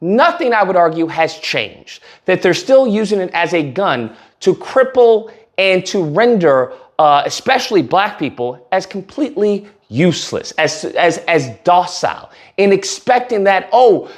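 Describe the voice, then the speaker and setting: Guy ranting on his commentary channel, pretty high voice, blunt and sarcastic. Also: sing-song, a little slow, hardly any pauses. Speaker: political commentary host. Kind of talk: casual opinion commentary.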